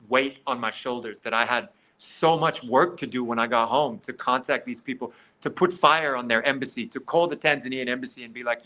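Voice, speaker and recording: A man speaking as a podcast guest, telling his story in an animated way. His voice is bright and forward, and his pitch sits in an ordinary middle range. He keeps saying "like" and breaks into quoted back-and-forth as he talks. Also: low-quality recording. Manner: lively retelling that often slips into quoted dialogue, with frequent "like".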